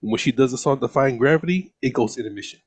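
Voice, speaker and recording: A man co-hosting a casual movie podcast, expressive and swearing freely. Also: medium pitch, fast, no echo. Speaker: podcast co-host.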